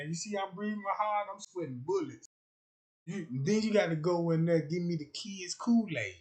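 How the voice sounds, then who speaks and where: A man's voice: sits high, animated, normal speed. A young man rambling through a crude comic livestream rant, boastful and repeating "you know what I'm talking about.".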